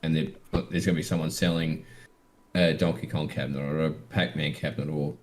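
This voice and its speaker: A man's voice: extremely low pitch, fairly even intonation, a little fast. An Australian man co-hosting a podcast, chatting casually and rambling with lots of "like" fillers. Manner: rambling, heavy use of "like". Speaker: podcast co-host. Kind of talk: casual chat.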